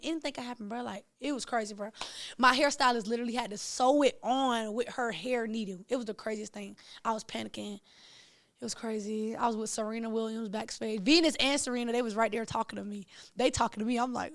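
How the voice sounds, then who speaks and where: A young woman, hosting a show and telling excited, slangy stories in casual chat. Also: a little high, fast talker, no echo. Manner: excitable, slangy, animated storytelling. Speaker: podcast host. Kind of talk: casual storytelling to camera.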